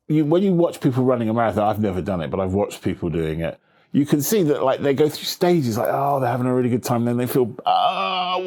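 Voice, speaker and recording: A man talking in a relaxed interview, telling stories with lively swings in his voice and slipping into little voices for the people he quotes. His voice sits at an ordinary middle pitch, and his chatty delivery has the odd casual swear. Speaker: author being interviewed.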